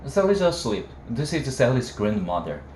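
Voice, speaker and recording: A man's voice: medium pitch, very animated, moderate pace, a little mellow, slight background noise, close to an everyday voice. A man voicing a cold, stern elderly grandmother who speaks in clipped words. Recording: roomy room echo.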